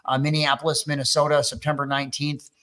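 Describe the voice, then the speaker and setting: Bright-voiced joking male webinar host. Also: fairly high pitch, completely flat delivery, fast talker. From Wisconsin. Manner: loose, joking, rambling with fillers. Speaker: webinar host and MSP coach. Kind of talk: energetic webinar talk.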